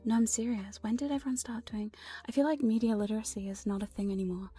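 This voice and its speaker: A woman chatting in a whispered ASMR livestream, soft and breathy, laughing and swearing casually between close-mic whispers. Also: fairly high pitch, fairly even intonation, quick pace, soft background music. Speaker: ASMR hypnosis streamer. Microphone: studio condenser mic close up.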